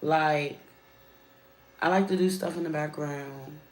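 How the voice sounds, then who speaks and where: Slow, low-voiced woman chatting candidly. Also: fairly even intonation, reverberant, poor audio. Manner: candid, conversational, addresses viewers as y'all. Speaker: live-stream host. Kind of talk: casual chat. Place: at her workplace.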